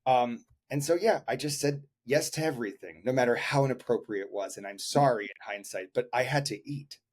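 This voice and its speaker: A man and actor co-hosting a podcast, telling a story in an animated, playful way. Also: mid-range voice, a little fast, slightly rough. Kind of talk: casual storytelling chat.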